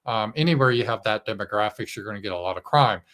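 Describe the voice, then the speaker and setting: A man's voice: fairly low pitch, animated, quick pace, a bit bright. Rambling male livestream host. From Arkansas. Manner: rambling, with many fillers and restarts. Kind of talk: casual livestream chat.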